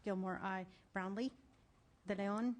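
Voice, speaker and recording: Woman, committee secretary, roll call, slow and deliberate. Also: mid-range voice, steady tone. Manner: slow, deliberate name-calling.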